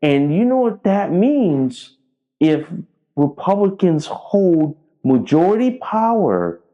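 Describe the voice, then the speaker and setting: A man's voice: high-pitched, sing-song, slow, muffled recording. Blunt, profane political commentator man. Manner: blunt, profane and repetitive, rallying his viewers.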